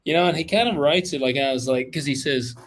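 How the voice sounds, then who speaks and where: A man's voice: on the high side, fast. A man hosting a farming podcast in casual chat, informal and talkative, calling people man and dude. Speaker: podcast host reading listener emails.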